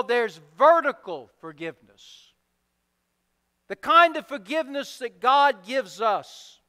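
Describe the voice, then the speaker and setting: A man preaching a sermon as pastor, deliberate and emphatic, building points through repetition. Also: very high-pitched, sharp tone, smooth. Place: church sanctuary. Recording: long reverb of a church hall.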